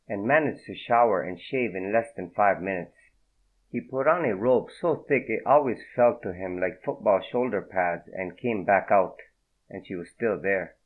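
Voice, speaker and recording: Low-voiced male audiobook narrator. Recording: tinny phone-like audio.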